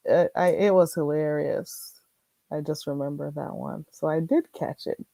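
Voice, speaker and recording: A woman's voice: deep voice, fairly even intonation, measured pace, creaky, dark tone, dry recording. A woman with a Caribbean accent, chatting bluntly and casually with viewers as a livestream host. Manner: blunt, chatty, frequent laughs. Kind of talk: casual live-stream chat.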